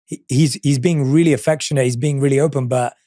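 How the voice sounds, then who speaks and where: A man's voice: mid-range voice, fairly even intonation, fast, mellow, no echo, clean studio sound. A man hosting a podcast, asking earnest, reflective questions. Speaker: podcast host. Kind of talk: interviewing.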